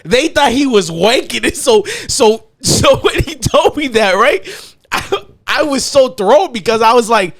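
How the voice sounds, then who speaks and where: A man's voice: very high-pitched, measured pace, dry recording, studio quality. A man hosting a podcast, telling a raunchy story in casual chat, laughing and swearing as he goes. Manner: laughs through his own story, profane, animated. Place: podcast studio.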